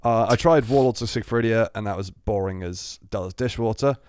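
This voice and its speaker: A man chatting casually on a podcast, his voice sitting on the low side. He rambles, swears freely and keeps restarting his sentences, and the sound is dry and close. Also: fairly quick, darkish tone, clean tone, no room sound. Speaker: podcast co-host. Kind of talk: casual chat.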